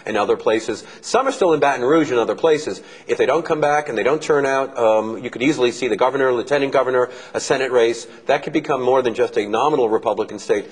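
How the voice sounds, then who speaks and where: A middle-aged man with a Southern US accent, a professor answering interview questions in a measured, analytical way. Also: mid-range voice, husky, poor audio. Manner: measured, analytical, explains with numbers. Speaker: political science professor.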